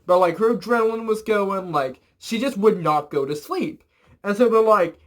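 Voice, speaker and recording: A young man telling a rambling, animated storytime in a casual vlog, full of fillers and the odd swear word. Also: sits high, moderate pace. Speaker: vlogger.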